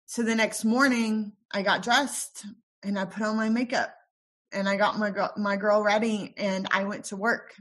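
Young woman guest, soft and halting storyteller, mid-pitched, recounts events with lots of ums and quoted dialogue. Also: steady tone. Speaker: interview guest. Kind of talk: personal story in a podcast interview.

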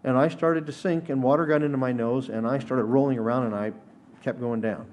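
Delivering a sermon at a synagogue service in its sanctuary, a man speaks briskly in a steady, slightly mellow, medium-pitched voice. His teaching is earnest and emphatic and at times builds into exhortation.

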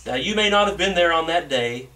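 A man's voice: a little high, lively intonation, pushed and bright. Distant echoey preaching man. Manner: halting, repeats words while preaching. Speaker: pastor. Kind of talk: sermon with scripture reading. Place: church sanctuary.

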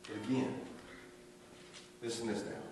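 An older pastor preaches a folksy sermon in a church sanctuary, full of repetitions and asides. His medium-pitched voice barely moves in pitch and runs at normal speed, captured from far off in an echoey hall with background noise.

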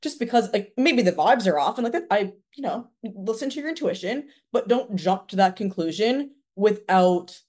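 A woman's voice: medium pitch, animated, normal speed, hardly any pauses, a little mellow. A woman in her twenties from Canada, a podcast guest speaking earnestly in casual conversation and giving advice with plenty of fillers. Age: 20s.

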